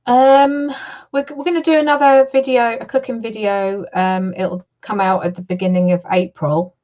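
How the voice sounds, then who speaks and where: A woman's voice: a little high, fairly even intonation, normal speed, dull audio. A woman from Suffolk with a Suffolk accent, a guest chatting casually and laughing often. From Suffolk, England. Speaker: guest YouTuber. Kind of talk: casual chat.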